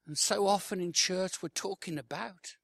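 A man in his sixties preaching a sermon, swinging from loud, emphatic declarations to hushed, almost whispered lines. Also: high voice, normal speed, gravelly, dry recording. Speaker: worship leader. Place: church conference hall.

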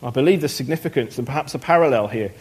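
A man preaching a sermon in a church, reading scripture aloud and speaking conversationally in between, growing louder and higher when he quotes the prophet. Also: lively intonation, fast talker, breathy edge. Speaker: pastor. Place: church hall.

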